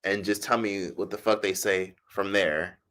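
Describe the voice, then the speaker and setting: A man's voice: fairly even intonation, moderate pace, pushed and bright. A man with an American accent chatting casually on a livestream, reading comments from his chat and answering them in a chatty, profane way with frequent laughs. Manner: chatty, profane, laughs often, mimics others in high voices. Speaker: streamer reading live chat. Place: indoors in Algeria.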